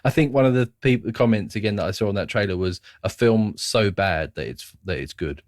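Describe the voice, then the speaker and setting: A man's voice: on the low side, brisk, a little mellow, dry recording, studio quality. A man co-hosting a film podcast in casual chat, laughing along as he recalls favorite scenes. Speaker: podcast co-host.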